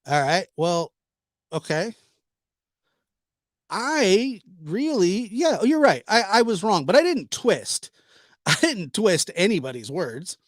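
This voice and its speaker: Brief: male vlog host, sarcastic and exasperated, slow unhurried delivery. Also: sits high, big pitch swings, dry recording, clean studio sound. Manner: sarcastic, exasperated, mock apologetic. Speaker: channel host, commentator.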